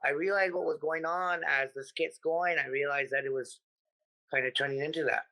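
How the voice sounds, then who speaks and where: A man from the United States, a comedian guest in a casual interview, talking in an animated, profane way and acting out his stories. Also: on the high side, fairly quick, creaky, poor audio.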